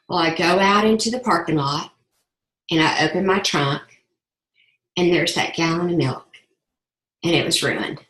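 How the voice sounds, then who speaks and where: Speaking at a normal speed but pausing often, a middle-aged woman with a fairly bright voice on the low side offers her testimonial as a sales ambassador. It's an earnest, emotional account with repeated phrases for emphasis, captured in an echoey room.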